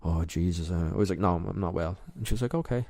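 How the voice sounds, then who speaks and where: A young Irish man speaks as a podcast guest, candid and emotional, often halting mid-thought. His voice sits low and mellow, and the sound is close and dry with no room around it. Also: no echo. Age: young adult. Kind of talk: personal storytelling in interview.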